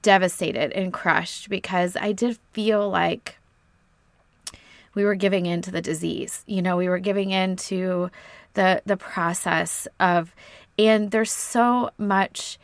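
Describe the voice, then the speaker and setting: A woman telling a personal story about her son, earnest and halting, a little emotional and stumbling over her words. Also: mid-range voice, steady tone, no room sound. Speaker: parent of a son with spina bifida, podcast guest. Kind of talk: reflective personal story in conversation.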